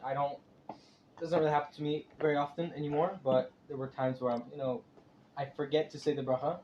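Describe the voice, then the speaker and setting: A man fires off a question in class at a quick clip, stopping and restarting as he works out what he wants to ask. The sound is dull and carries faint background noise, as if picked up from across the room. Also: a little high, level tone, a little mellow. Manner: quick, hesitant, thinking aloud with restarts. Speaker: student asking a question.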